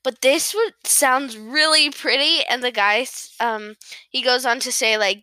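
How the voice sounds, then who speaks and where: A woman's voice: a little high, measured pace, bright, forceful tone, clear, resonant tone, no echo, low-quality recording. A woman chatting casually about a book chapter, rambling, correcting herself and giggling often. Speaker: book reviewer. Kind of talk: casual book review chat.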